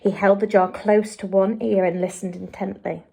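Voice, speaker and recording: A woman teacher reading a children's storybook aloud expressively, dropping to a hush for suspense. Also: medium pitch, little pitch movement, normal speed, vocal fry.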